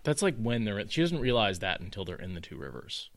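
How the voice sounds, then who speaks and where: Animated low-voiced man discussing a book. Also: brisk, gravelly. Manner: animated, quotes characters in mocking voices. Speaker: podcast co-host.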